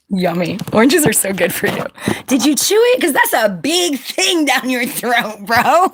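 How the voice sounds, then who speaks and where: A woman's voice: medium pitch, breathy edge. A woman hosting a casual livestream, reading viewer comments aloud, chatty and laughing often, firm with rude commenters. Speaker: livestream host.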